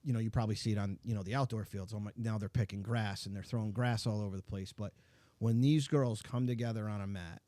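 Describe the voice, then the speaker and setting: A middle-aged man hosting a casual podcast conversation. His voice is mellow and relaxed, and he rambles along with plenty of "like"s. The sound is close and dry, with no room echo. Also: on the low side, fast talker. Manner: chatty, filler-heavy storytelling with many "like"s. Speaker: podcast host. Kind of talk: casual chat.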